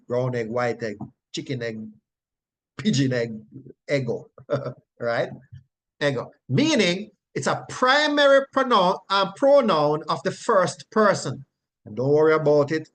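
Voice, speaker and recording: A man teaching a Bible study, emphatic and repetitive, checking in with "right?" and chuckling as he explains. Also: mid-range voice. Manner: chuckles often while explaining.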